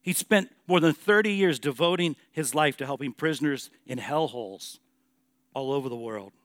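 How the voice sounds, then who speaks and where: A man preaching a sermon as a pastor, emphatic, moving between hushed and loud passages. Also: a little high, moderate pace, no room sound, studio quality.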